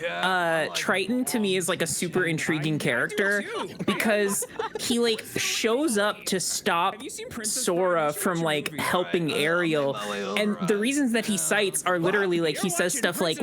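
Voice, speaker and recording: A woman's voice: medium pitch, lively intonation, moderate pace, a crowd in the background. A woman, the series' writer, muses in a casual group commentary, rambling with many fillers.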